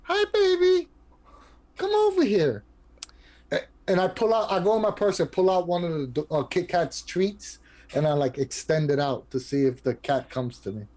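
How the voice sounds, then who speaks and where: A woman's voice: deep voice, normal speed, warm tone. A woman joining as a guest player in a tabletop role-playing game, describing her character's actions playfully with frequent laughs. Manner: playful, giggly in-character narration. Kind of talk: casual tabletop role-play.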